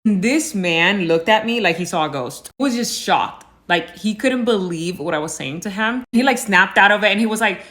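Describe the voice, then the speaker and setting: A woman's voice: mid-range voice, lively intonation, fairly quick, sharp tone. A woman telling a personal storytime in a casual, conversational way, full of likes and fillers. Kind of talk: storytime monologue.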